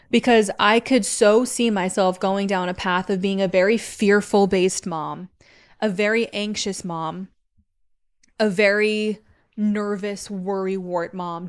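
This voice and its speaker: A woman's voice: mid-range voice, steady tone, unhurried, smooth. A young adult woman hosting a podcast, talking candidly in a casual monologue, with lots of "like" fillers. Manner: candid and chatty, heavy use of "like". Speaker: podcast host.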